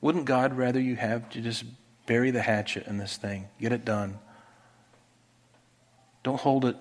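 A male pastor delivering a sermon in a steady middle-pitched voice. He is earnest and pleading, and he swells louder when reading scripture. A long reverb trails each phrase, as in a large hall. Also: measured pace. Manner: earnest preaching, rising loud and high reading scripture.

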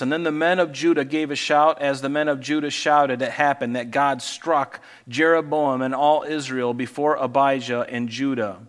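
A man giving a sermon, reading scripture aloud and adding relaxed, conversational comments. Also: on the high side, in a large hall. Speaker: pastor.

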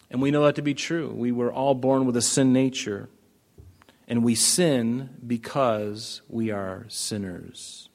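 Male pastor preaching casually, asks the crowd questions, middle pitch. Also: a little mellow. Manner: conversational, asks the congregation questions. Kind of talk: sermon.

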